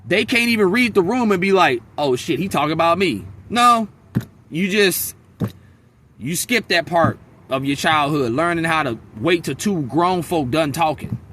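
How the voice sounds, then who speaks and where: Blunt, bright-voiced man venting. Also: a little high, measured pace, a little hiss or hum. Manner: blunt, venting, profane, animated storytelling. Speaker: vlogger. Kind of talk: casual vlog monologue. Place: outdoors in a wooded area near a freeway.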